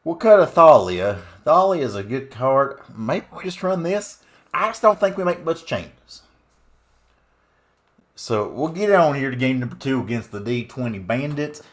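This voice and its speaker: A man voicing a loud, folksy rural Southern man with a put-on Southern US accent, drawling and hollering through gameplay commentary. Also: mid-range voice, expressive, unhurried, natural voice. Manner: drawling, hollering, swearing exclamations. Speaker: card game streamer.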